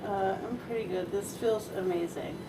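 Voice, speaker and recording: A woman's voice: medium pitch, normal speed. A woman comedian chatting casually as a guest, laughing often and filling with "like". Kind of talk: casual chat. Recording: distant mic with clear background noise.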